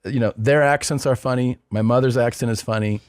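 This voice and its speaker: A man's voice: medium pitch, steady tone, brisk, no room sound. A male podcast host in casual chat, telling stories in a laid-back, dry way.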